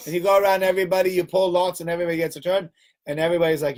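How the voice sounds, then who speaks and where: A man's voice: high voice, rapid-fire. A man giving an informal Torah talk to a group, acting out the dialogue in his stories. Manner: animated storyteller, acts out dialogue. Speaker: teacher.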